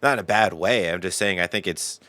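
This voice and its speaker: A man's voice: deep voice, a little fast, bright, forceful tone, no room sound. A man hosting a casual interview, speaking in an earnest, reassuring way. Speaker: host, navy sailor.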